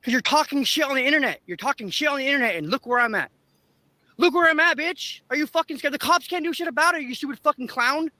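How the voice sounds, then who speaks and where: Livestreaming from a public sidewalk on a handheld camera, a street streamer taunts and curses at passersby in an aggressive, profane rant. His voice is very high-pitched and sharp, fast with few pauses, and the recording is dry.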